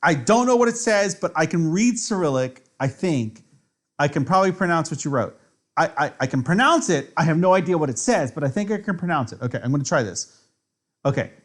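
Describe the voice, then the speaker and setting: Tipsy from drinks, a man streams his chess games in a slightly high, animated voice at a fairly quick pace. His casual live commentary rambles and trash-talks, with plenty of swearing and self-mockery.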